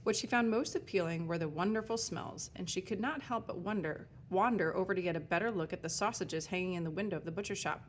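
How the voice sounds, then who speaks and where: Woman, storybook narration, lowish voice, even and clear, faint hiss behind. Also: quick pace, hardly any pauses. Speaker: audiobook narrator.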